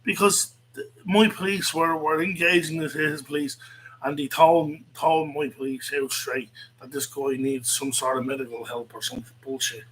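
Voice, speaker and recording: A man's voice: a little high, fairly even intonation, normal speed, fairly bright tone, slight background noise, rough recording. An Irish man hosting, ranting angrily and swearing a lot, often repeating himself. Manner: angry, profane, repetitive. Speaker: host. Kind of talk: heated online rant.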